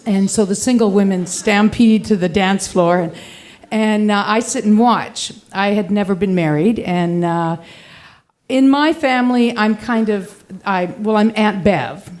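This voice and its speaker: A woman in her fifties telling a personal story on stage at a live storytelling event, animated and laughing as she acts out the people in it. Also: mid-range voice, measured pace.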